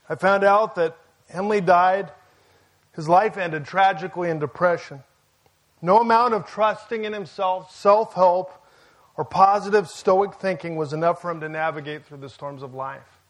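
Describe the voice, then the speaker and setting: Pastor, man, higher voice, relaxed conversational sermon with asides. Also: moderate pace. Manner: conversational preaching with jokes and asides.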